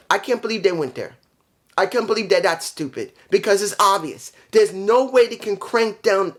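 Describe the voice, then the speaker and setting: A man giving a casual solo review of a wrestling show, rambling and blunt, swearing freely and trailing off with fillers when he forgets details. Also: high voice. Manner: rambling, profane, blunt opinions.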